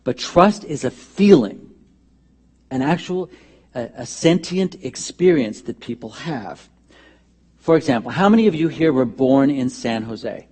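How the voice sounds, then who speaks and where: A man's voice: mid-range voice, unhurried, husky. A man preaching a conversational, humorous sermon as minister in a church. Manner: conversational, humorous, animated asides. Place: church sanctuary.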